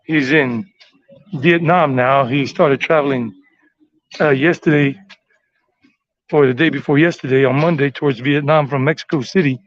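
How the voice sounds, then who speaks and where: A man's voice: mid-range voice, steady tone, moderate pace, long pauses, no echo, lo-fi sound. An American man giving a rambling, chatty walking tour outdoors on city streets. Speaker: tour vlogger.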